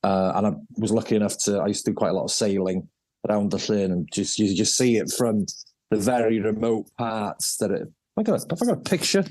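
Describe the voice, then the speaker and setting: A man, a race director telling stories as a guest in a casual interview, jokey and animated. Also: fairly low pitch, fairly quick, dry recording. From North Wales.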